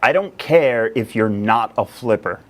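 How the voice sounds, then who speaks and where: A man's voice: on the low side, animated, a little slow. A man hosting a casual live stream about real estate, talking energetically with lots of fillers and rambling asides. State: a little out of breath.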